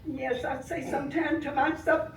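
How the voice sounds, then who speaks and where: An older woman giving impassioned public comment at a board meeting, swinging between soft grief and loud anger. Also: sits high, level tone, normal speed. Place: village board meeting room. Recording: echoey room, voice from far off.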